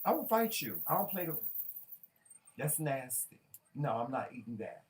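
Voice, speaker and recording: A man from the talks as co-host of a casual chat show. He sounds emphatic and sassy, fussy about his food. His mid-pitched voice comes from a little away from the mic. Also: very animated, moderate pace, recorded from a distance, rough recording. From Southern United States.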